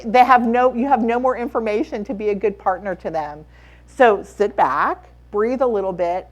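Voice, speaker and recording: A woman speaking as a conference panelist, giving advice emphatically and repeating her key points. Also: medium pitch. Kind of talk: advisory panel talk. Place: conference room.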